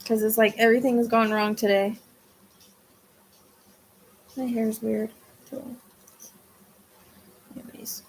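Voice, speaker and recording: A woman with a slightly high, level voice speaks slowly and pauses often, with a faint hiss or hum in the background. She's hosting a psychic livestream and chatting casually with viewers. Sounding tired and drained, she rambles, restarts sentences and lets them trail off.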